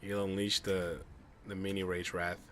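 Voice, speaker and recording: A man streaming a game live, commenting excitedly and swearing at bad luck. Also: low voice, normal speed, slight background noise. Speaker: gamer streaming a playthrough.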